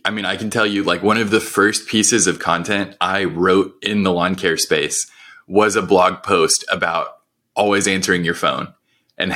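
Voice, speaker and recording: A man's voice: deep voice, a bit bright. A man co-hosting a podcast, talking in a casual, conversational way and explaining business advice step by step. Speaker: podcast co-host.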